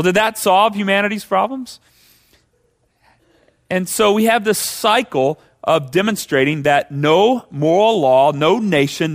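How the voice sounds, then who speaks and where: A male pastor delivers a sermon in a conversational way. His voice sits high for a man. He keeps asking the congregation rhetorical questions.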